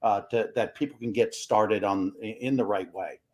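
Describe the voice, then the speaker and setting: A man hosting a podcast, asking his guest questions in halting phrases with restarts. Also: on the low side, steady tone, a little mellow. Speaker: podcast host. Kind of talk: interview questions.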